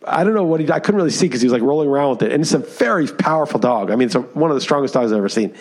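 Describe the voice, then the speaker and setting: A man co-hosting a podcast, telling a story in casual chat, animated and full of fillers. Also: mid-range voice, rapid-fire. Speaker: podcast co-host.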